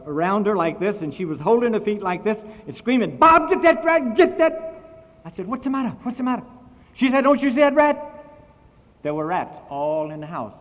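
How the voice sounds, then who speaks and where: Brief: male missionary preacher, fairly high voice, lively storytelling, dull old recording with long reverb. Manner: animated, big swings in volume and pitch. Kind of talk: sermon storytelling.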